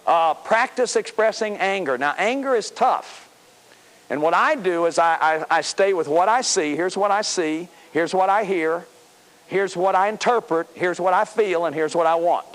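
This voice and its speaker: A man's voice: fairly high pitch, moderate pace. A man in his fifties giving a self-help lecture, emphatic and repeating words as he drives points home. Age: 50s. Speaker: speaker on healing the inner child.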